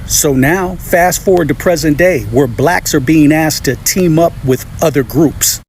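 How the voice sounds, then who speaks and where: A man's voice: on the high side, measured pace, darkish tone, a little hiss or hum. A man telling a true story in a matter-of-fact, pointed way. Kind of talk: storytelling monologue.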